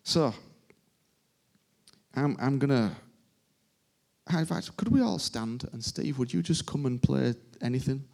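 A man's voice: mid-range voice, animated, unhurried, gravelly, pauses often, a little mellow. A man preaching a sermon to a congregation in an informal, emphatic way, repeating his phrases. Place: church service before a congregation.

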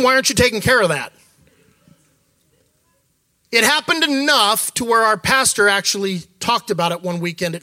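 A middle-aged associate church leader delivers a candid, conversational sermon sprinkled with quoted asides. His voice is high, bright and forceful, with no room sound.

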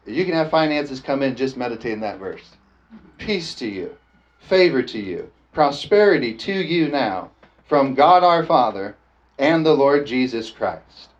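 A man preaching a lively sermon, often calling out "amen?" and joking with the congregation. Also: mid-range voice, a little slow. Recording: dull lo-fi sound with faint background noise.

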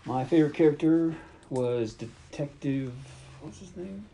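A man's voice: fairly high pitch, expressive, a little slow, vocal fry, warm tone, slight background noise. A man co-hosting a podcast in casual chat, dropping dry, short remarks. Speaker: podcast co-host.

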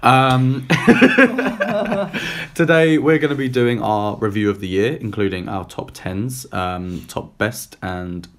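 A man with a slightly croaky voice, hosting a casual film review podcast in a relaxed, chatty way. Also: fairly low pitch, unhurried, hardly any pauses. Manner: relaxed, chatty, self-deprecating. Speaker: podcast host. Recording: faint background noise.

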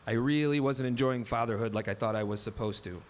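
A man in his thirties delivers a first-person story live, wry and vivid, and acts out the dialogue himself. His medium-pitched voice runs a little fast, with slight hiss or hum in the background.

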